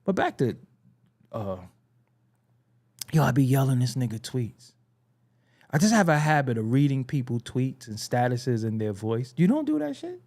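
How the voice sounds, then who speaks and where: A man's voice: medium pitch, very animated, normal speed, pauses often, a little mellow. A young American man hosting hip-hop commentary, ranting casually with profanity, restarts and laughs. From United States. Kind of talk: casual rant to camera.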